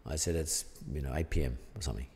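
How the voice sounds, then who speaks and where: A man's voice: very deep voice, quick pace, darkish tone, big-room sound. An Australian man, a podcast guest, telling a story in a rambling, casual way full of fillers. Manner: rambling, peppered with "blah, blah, blah" and fillers.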